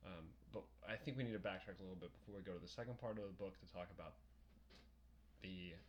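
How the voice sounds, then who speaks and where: A young adult man co-hosting a podcast, chatting casually about a book, rambling and profane and quick to laugh. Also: low-pitched, slight background noise. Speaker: podcast co-host. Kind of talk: casual book-discussion chat.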